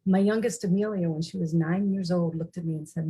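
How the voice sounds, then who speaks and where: A woman's voice: on the low side, steady tone, brisk, mellow, husky, rough recording. A middle-aged woman speaking as a recovery speaker, telling personal stories in an earnest, candid way. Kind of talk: personal storytelling talk.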